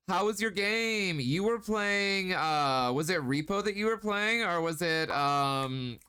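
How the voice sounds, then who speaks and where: Male streamer host, playful and giggly, bright crisp voice, slow unhurried delivery. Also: high-pitched, expressive. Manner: playful, giggly, teasing, drawn-out baby talk at times. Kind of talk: casual live-stream chat.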